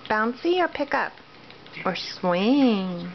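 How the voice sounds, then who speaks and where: A woman talking softly to her baby in sing-song questions, recorded on a home video. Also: a little high, sing-song, takes it slowly. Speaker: mother. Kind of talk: baby talk to her infant. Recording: muffled home video with faint hiss.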